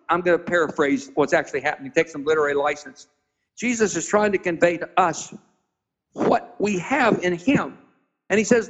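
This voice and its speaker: A high-voiced pastor being interviewed preaches a dramatic Bible story, leaping suddenly into even higher voices for the characters he acts out. He slows down to spell out and stress Hebrew words, and the recording sounds dull and muffled.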